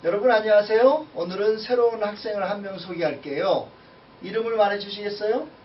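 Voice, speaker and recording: A man voicing a friendly classroom teacher in a recorded textbook dialogue, addressing the class briskly and upbeat. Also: sits high, lightly acted. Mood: instructing. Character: friendly male classroom teacher introducing a new student. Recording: distant, echoey, muffled lo-fi audio.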